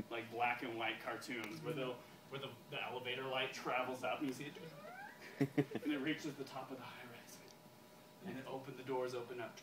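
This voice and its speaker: Giggly man pitching a story, echoey room. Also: noisy background. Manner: giggly, keeps breaking into laughs; halting, many restarts. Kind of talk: casual story pitch to a group. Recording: echoey room, far from mic, crowd around.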